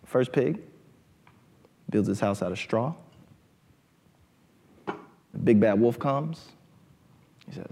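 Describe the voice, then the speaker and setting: Lively lecturer man, "right?" every line. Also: mid-range voice, takes it slowly, long pauses. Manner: animated, asks the crowd "right?" often. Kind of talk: lively talk to a live audience.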